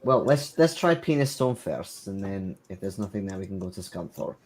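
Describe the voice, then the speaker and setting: A man's voice: low voice, sing-song, normal speed, darkish tone. A British man playing a tabletop game, blunt and sweary in casual chat. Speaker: player.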